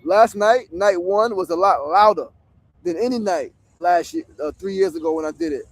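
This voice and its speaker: Sitting in a tent on a city street, a New York host in his 40s livestreams through his phone, talking casually, bluntly and profanely. His voice rides high at a moderate pace, with no echo.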